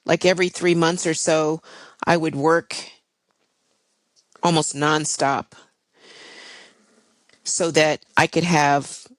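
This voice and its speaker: A woman's voice: low voice, flat delivery, takes it slowly, long pauses, no echo, poor audio. Older woman telling a personal story. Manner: candid, reflective, with frequent fillers. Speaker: guest, airline pilot.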